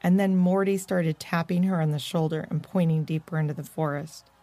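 A woman narrating a children's story in a gentle, expressive reading voice. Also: low-pitched, a little fast, no echo. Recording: dry close-mic recording.

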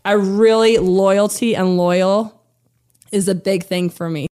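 Chatty thirtysomething mom, laughs a lot, says like constantly, easy mid voice. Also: female voice, mid-range voice, steady tone, slow pace, a little mellow, clean tone. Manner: bubbly, laughing storyteller with many "like" fillers. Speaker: interview guest. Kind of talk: casual chat.

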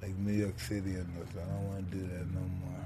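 A man's voice: low-pitched, monotone, fairly quick, mellow, a little hiss or hum. A middle-aged man hosting a podcast, talking bluntly and teasing his guests, with swearing. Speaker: podcast host. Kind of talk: casual podcast chat.

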